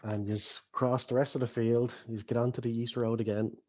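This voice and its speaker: A man's voice: medium pitch, normal speed. A man running a tabletop game as dungeon master, narrating loosely and chuckling as he goes. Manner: relaxed, chuckling storyteller, leans on "kinda".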